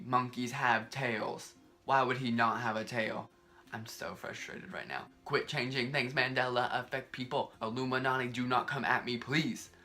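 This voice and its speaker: A young man, talking casually and rambling to camera in a vlog, often exasperated and animated. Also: medium pitch. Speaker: vlogger.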